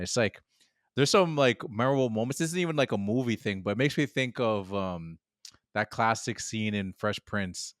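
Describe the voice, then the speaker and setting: Man, low voice, relaxed podcast chat, rambling, chuckles a lot, dry sound. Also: dry recording. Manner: laid-back, rambling, laughs often. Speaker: podcast co-host. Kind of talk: casual film discussion.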